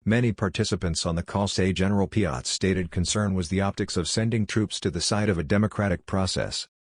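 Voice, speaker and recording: A man reading a government report aloud in a steady, measured way. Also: deep voice, no room sound, studio quality. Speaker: report reader.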